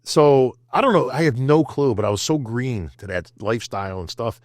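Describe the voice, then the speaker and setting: Older male guest, upstate NY roots, animated storyteller, dry studio sound. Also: medium pitch, moderate pace, dry recording. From upstate New York. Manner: animated, acts out quotes, says "bro" and "right?". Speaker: podcast guest. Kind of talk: casual storytelling.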